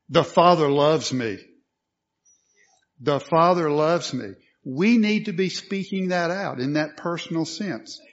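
A man's voice: high voice, muffled recording. A man preaching a sermon, asking questions and answering them, with emphatic statements.

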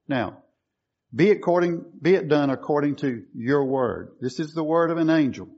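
A man's voice: mid-range voice, darkish tone, muffled recording. A man preaching a sermon, quoting scripture and stressing key words emphatically.

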